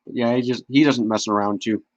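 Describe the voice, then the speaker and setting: A man's voice: medium pitch, steady tone, brisk, a little mellow, no echo. A man hosting a casual podcast, talking bluntly with swearing and stammered restarts. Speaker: podcast host. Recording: dull lo-fi audio.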